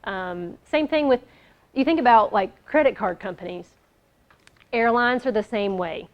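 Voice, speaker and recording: A woman's voice: fairly high pitch, measured pace. A woman giving a casual business workshop, upbeat, lighthearted and conversational. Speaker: workshop presenter. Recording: dull lo-fi recording.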